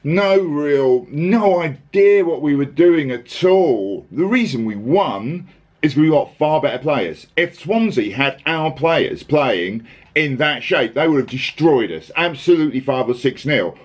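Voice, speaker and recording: Man, slightly high voice, sarcastic, exasperated football rant. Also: animated, measured pace, muffled recording. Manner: sarcastic, exasperated, rambling with many restarts. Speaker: podcast host.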